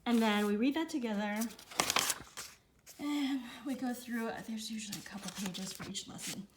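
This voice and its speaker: A woman reviewing children's learning books for her child, talking in a relaxed way with frequent fillers and demonstrating sounds. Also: on the high side, moderate pace, heavy background noise. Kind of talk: casual instructional review.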